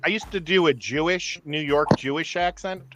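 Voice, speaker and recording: A man's voice: a little high, normal speed, a bit bright, soft background music, low-quality recording. A man from the Midwest in a casual chat, cheerfully self-mocking.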